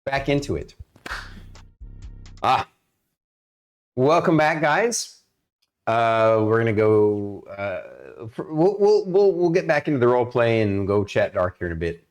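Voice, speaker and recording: A man's voice: medium pitch, very animated, measured pace, pauses often, soft background music. A man acting as game master on a live stream, chatting casually with laughs and stammered restarts.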